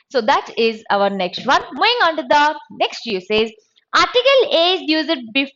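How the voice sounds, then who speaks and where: A woman teaching an exam-prep grammar lesson, slow and deliberate, spelling out letters and sounds. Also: high-pitched, a bit bright, dull audio.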